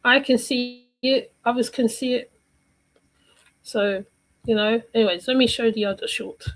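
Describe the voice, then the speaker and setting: A woman with a slightly high voice talks through a casual livestream commentary. She rambles, circles back and repeats phrases while she hunts for the right word. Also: steady tone, unhurried, low-quality recording. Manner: rambling, repeats herself, searches for words.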